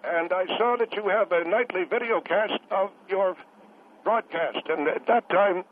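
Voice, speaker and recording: Polite old navy vet guy calling in, a man doing the voice, high-ish voice, tinny phone sound. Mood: earnest. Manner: courteous, halting, says sir often. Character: elderly male navy veteran caller, polite, formal. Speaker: caller.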